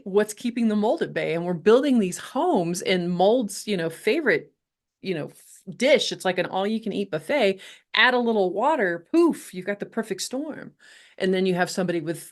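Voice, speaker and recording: Middle-aged woman guest, slightly low voice, frank and lively storytelling with laughs. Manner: candid, animated, laughs often, swears casually. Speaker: podcast guest, health coach. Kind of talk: casual interview storytelling.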